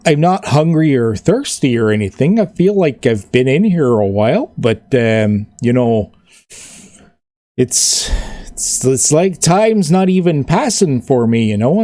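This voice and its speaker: A man's voice: a little high, big pitch swings, unhurried, dark tone, no echo, clean studio sound. A man voicing a friendly male orc in flannel and a toque, folksy, upbeat and chatty with lots of filler words. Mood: cheerful.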